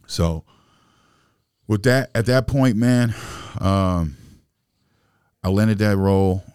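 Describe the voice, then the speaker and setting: A man's voice: on the low side, takes it slowly, a little mellow, clear, resonant tone, no room sound, clean studio sound. A man from Illinois, a podcast guest, telling his life story in loose, profane street talk full of fillers. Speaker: interview guest.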